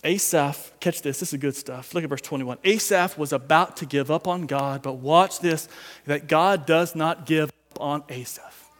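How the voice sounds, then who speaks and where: A man preaches to his congregation in a high, ringing voice, dropping low and quiet before surging into loud emphasis. He speaks straight to the listeners, asking them questions and urging them on. His words trail off into the long reverb of a big church hall. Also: normal speed. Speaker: pastor. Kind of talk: sermon. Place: church sanctuary.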